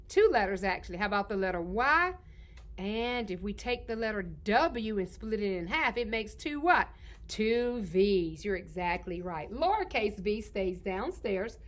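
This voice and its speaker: A woman's voice: on the high side, expressive, a little slow, fairly bright tone. A woman teacher giving a children's phonics lesson. She asks questions in a sing-song way and answers them herself.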